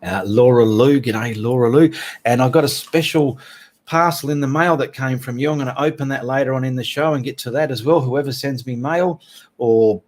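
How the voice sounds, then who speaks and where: A man's voice: mid-range voice, moderate pace, a little mellow. A middle-aged Australian man hosting a casual livestream, chatting in a rambling way and greeting viewers by name. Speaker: livestream host.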